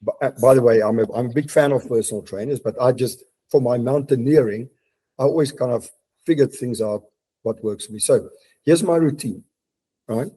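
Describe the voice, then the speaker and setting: A man's voice: mid-range voice, normal speed, warm tone, breathy edge. A man, a podcast guest talking reflectively from his home study, with frequent restarts. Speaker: guest, mountaineer and business leader. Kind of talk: casual podcast interview.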